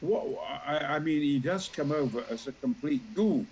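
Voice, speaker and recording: On a muffled recording with slight background noise, a Yorkshire-accented man in his eighties talks at a normal pace as a talk show guest. His storytelling is animated and theatrical, with every character acted out and his booming, larger-than-life voice breaking into sudden loud outbursts.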